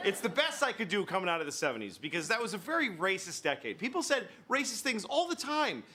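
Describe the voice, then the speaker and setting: A man in his fifties doing stand-up comedy, telling stories in an exasperated, animated way. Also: high voice, noisy background. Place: stage before a live audience. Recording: live show with loud crowd laughter.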